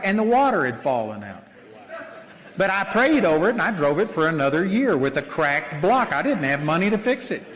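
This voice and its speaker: Older preacher, high lively voice, folksy sermon delivery in a reverberant hall. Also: male voice. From Texas. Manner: animated, folksy storytelling with mock voices.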